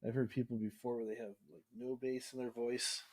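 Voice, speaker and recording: A man's voice: medium pitch, flat delivery, a little fast. A man casually showing off his home recording gear in a rambling, easygoing way. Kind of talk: casual show-and-tell chat. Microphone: webcam.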